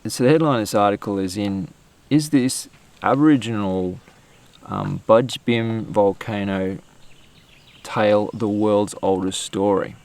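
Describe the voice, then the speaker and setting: A man's voice: lowish voice, normal speed, few pauses, a little mellow. An Australian man hosting an outdoor podcast, chatting casually and rambling with fillers and restarts. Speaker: podcast host.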